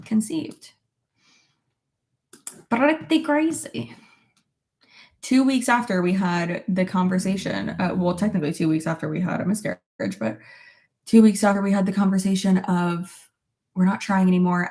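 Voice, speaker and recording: Woman in her 30s, vlogger, casual chatty delivery, frequent laughs and loose swearing, mid-pitched. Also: dark tone. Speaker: vlogger reading viewer comments. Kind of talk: casual chat.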